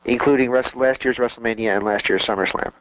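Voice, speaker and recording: A man in his twenties co-hosting a casual wrestling talk show, opinionated but measured, often hedging his views. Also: medium pitch, fairly even intonation, no room sound, lo-fi sound. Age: 20s. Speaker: podcast co-host.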